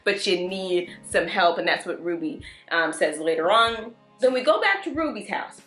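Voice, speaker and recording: A woman casually recapping and reviewing TV episodes in an animated way, often acting out the characters' lines. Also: on the low side, moderate pace, roomy sound, soft background music. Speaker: TV review vlogger.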